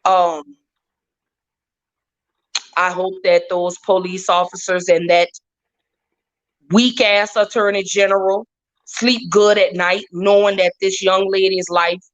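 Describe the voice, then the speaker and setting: A woman talking as a podcast guest, heartfelt and emphatic, repeating her points for weight. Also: on the low side. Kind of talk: casual podcast talk. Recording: dull lo-fi audio.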